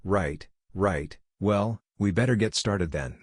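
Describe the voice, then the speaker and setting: A man voicing a loud, brash young boy who is rude and blunt, in a read-aloud story. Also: low-pitched, takes it slowly, slightly rough, dry recording, studio quality, heavily acted.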